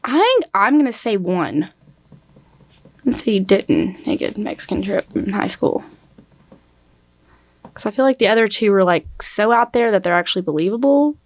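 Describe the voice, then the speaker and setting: A woman's voice: medium pitch, lively intonation, moderate pace, long pauses, dry recording. Chatty young woman hosting, dry sound. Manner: chatty and bubbly, laughs easily. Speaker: interview host. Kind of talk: casual interview chat.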